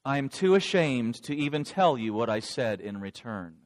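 A man's voice: mid-range voice, sing-song, normal speed, voice pushed down, natural voice. A man voicing a remorseful adult male disciple, telling of his denial in a dramatic first-person monologue.

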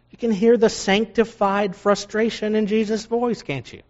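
A man preaching a sermon, reading scripture aloud and rising loud and high for emphasis, then dropping low for asides. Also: lively intonation, normal speed, hardly any pauses. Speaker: pastor. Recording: dull lo-fi sound.

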